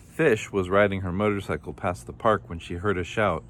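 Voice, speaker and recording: A man with a low voice reading a children's story aloud. He tells it plainly and steadily, and a faint hiss sits under the voice. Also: steady tone, normal speed, fairly bright tone. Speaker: storybook reader.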